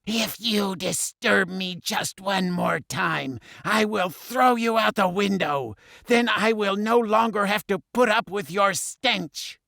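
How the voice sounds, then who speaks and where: A man putting on a vile, gravelly old great-aunt. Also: high-pitched, slow pace, few pauses, sharp tone, no echo, clean studio sound, pitched above the performer's own voice, full character voice. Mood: menacing. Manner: scolding, contemptuous. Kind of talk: audiobook narration.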